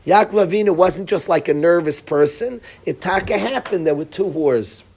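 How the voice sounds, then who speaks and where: Animated, high-voiced rabbi giving a Torah lecture. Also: male voice, normal speed, a little hiss or hum. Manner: animated storytelling, mixing in Hebrew and Yiddish terms. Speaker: rabbi, yeshiva head.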